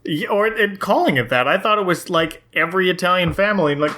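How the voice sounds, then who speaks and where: A man's voice: high-pitched, fairly quick, bright, forceful tone. A man hosting a podcast, chatting casually and joking, laughing often. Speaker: podcast host.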